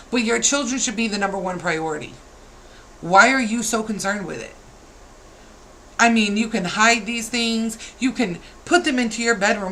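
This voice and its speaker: A woman's voice: medium pitch, fairly bright tone, slight background noise, poor audio. A woman in her thirties, a parent, ranting to camera with exasperated, scolding rhetorical questions. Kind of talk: heated rant to camera.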